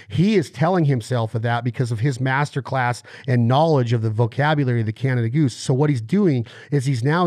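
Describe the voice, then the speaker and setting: A man hosting a podcast, talking with eager energy and steady mid-range pitch. He leans on analogies and acts out little quotes to make his points. His voice sits close and dry on the mic, with no room sound. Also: dry recording. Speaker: podcast host. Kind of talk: explanatory podcast interview.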